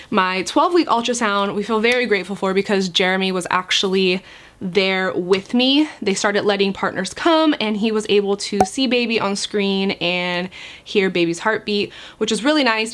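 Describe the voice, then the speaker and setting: A woman's voice: medium pitch, fairly bright tone, a little hiss or hum. A woman in her thirties, a vlogger chatting casually to camera at home, telling a story with lots of "like" and acted-out quotes.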